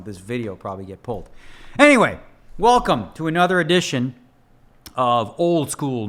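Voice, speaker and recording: A man who plays poker for a living, talking through one of his hands in a loose, joking, slangy way. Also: a little high. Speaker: professional poker player analysing his own hand. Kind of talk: casual spoken hand analysis.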